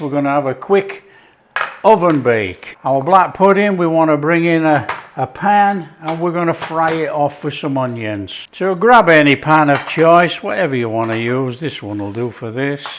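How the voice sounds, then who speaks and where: A man's voice: a little high, lively intonation, measured pace, a little hiss or hum. A man hosting his own cooking channel, chatting enthusiastically to viewers as he demonstrates a recipe.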